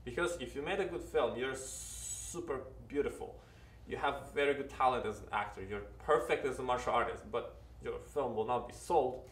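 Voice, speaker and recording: At a moderate pace with few pauses, a Ukrainian-accented actor in a casual interview shares earnest advice in a mid-range voice, restarting sentences often. The distant mic catches an echoey room.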